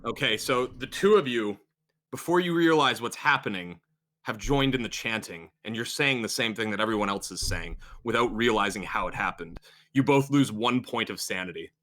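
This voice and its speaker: A man's voice: lowish voice, animated, moderate pace, sharp tone. A man running a tabletop horror game as game master, narrating in a rambling, improvised way with many fillers.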